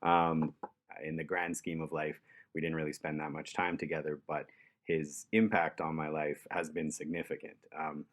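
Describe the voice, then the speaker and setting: A man telling a story in a relaxed, chuckling way, with lots of fillers. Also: very deep voice, normal speed. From Canada. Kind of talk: casual storytelling.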